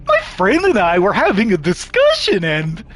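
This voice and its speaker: A man's voice: high-pitched, wildly swooping pitch, normal speed, a bit bright, exaggerated voice. A man voicing a petite, delicate young woman who speaks politely and hesitantly.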